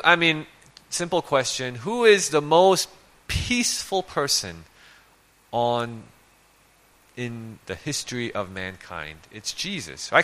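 A man's voice: fairly high pitch, pushed and bright. A male preacher giving a conversational sermon, reading scripture and asking rhetorical questions.

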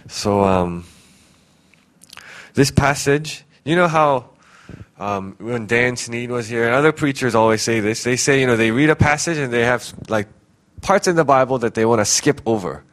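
A man giving an informal sermon, talking conversationally with many fillers and getting animated when he quotes. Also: medium pitch, normal speed. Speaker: pastor.

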